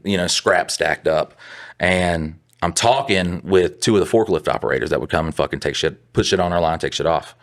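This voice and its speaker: A young adult man co-hosting a podcast rambles through a profane work story during casual chat. His voice is low with a fairly bright tone.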